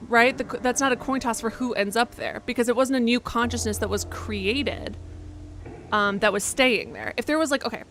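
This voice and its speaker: A woman's voice: a little high, fairly bright tone, a little hiss or hum. A young woman streamer chatting casually as she plays a horror game, rambling and poking fun at herself. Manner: rambling, self-mocking, quick asides. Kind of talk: casual live-stream chat while playing.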